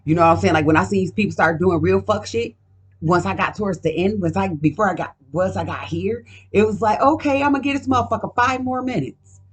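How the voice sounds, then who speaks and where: A woman's voice: fairly low pitch, a little fast, slightly rough. A woman doing a casual card reading at home, talking in a profane, emphatic, rambling way. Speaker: card reader.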